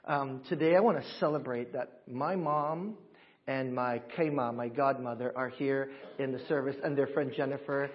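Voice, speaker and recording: A man in a church service, a pastor talking with his congregation in a lively, upbeat way and leading them through a greeting. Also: medium pitch, normal speed, lo-fi sound, slight background noise. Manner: warm, upbeat, talks with the congregation and teaches them. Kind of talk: sermon.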